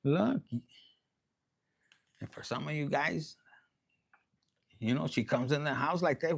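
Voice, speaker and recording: A man's voice: mid-range voice, measured pace, creaky, long pauses. A man giving a casual, rambling and bawdy tarot reading, joking and slipping into Spanish. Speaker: tarot reader.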